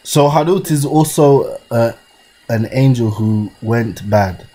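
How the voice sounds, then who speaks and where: A man joining a live talk show, his voice mellow and dark at an ordinary middle pitch. He mostly listens, cutting in with short clarifying questions, over a faint background noise. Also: slow pace. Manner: attentive listener asking short follow-up questions.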